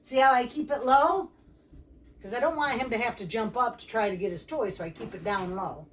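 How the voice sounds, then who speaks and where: A woman's voice: a little high, a little fast. A woman explaining puppy training outdoors in a plain, practical casual vlog manner. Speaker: dog trainer. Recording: distant mic, faint background noise.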